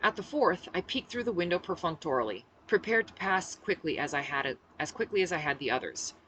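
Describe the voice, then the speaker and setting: Lively low-pitched woman reading her novel. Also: brisk, a little hiss or hum, poor audio. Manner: expressive, acts out the dialogue. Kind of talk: audiobook-style first-person narration.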